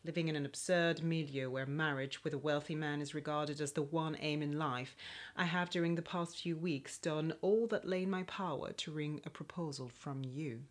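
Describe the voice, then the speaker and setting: An actress playing a proud, impoverished aristocratic lady of twenty-eight, speaking crisply and scornfully in an old-fashioned radio play. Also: low voice, steady tone, normal speed, lightly acted. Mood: cold. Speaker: actor.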